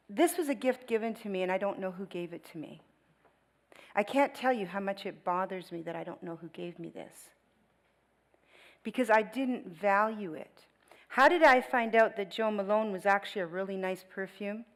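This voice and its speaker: A middle-aged woman, a guest speaker at a church, telling a personal story in a lively way, with laughs and voiced quotes. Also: medium pitch, normal speed, low-quality recording.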